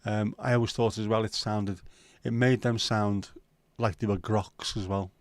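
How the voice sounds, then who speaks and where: A man's voice: lowish voice, fairly even intonation, moderate pace, no echo. A man with a Liverpool accent hosting a livestream, chatting casually and bluntly with plenty of swearing while reading viewer comments. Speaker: livestream host.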